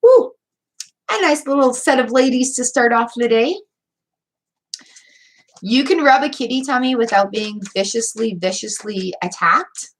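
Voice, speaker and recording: A tarot reader hosting a livestream speaks in a fairly high, animated voice at a measured pace, pausing often. Gushing, teary and weepy, she addresses viewers directly over a home webcam mic, with slight background noise.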